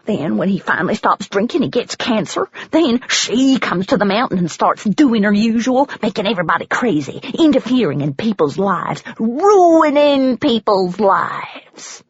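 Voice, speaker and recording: A fierce, bitter older American country woman, as a woman narrator puts her on in an audiobook. She speaks in clipped, accusing rural phrases, her husky voice leaping up and down in pitch. The sound is dull and dry. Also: big pitch swings, moderate pace, few pauses, dry recording.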